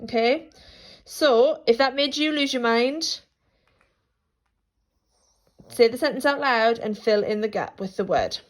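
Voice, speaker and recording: A woman teaches a recorded lesson to schoolchildren, her voice sitting a little higher than most. She speaks slowly and clearly, saying each phrase twice so the children can repeat it. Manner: slow, repeats phrases for learners to echo. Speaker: Spanish teacher. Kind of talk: remote language lesson for children.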